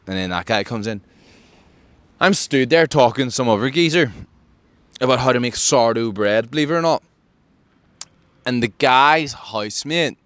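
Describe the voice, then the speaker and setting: A man from Ireland hosting a podcast, telling a story in casual chat and acting out quotes with big jumps in pitch. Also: fairly bright tone, dry recording. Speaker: podcast host.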